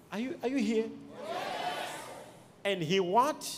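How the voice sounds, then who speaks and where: A man preaching a sermon, emphatic, with sudden shouted peaks and quiet asides, recorded in an echoey church hall. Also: high voice, lively intonation, a little slow, long pauses, background noise.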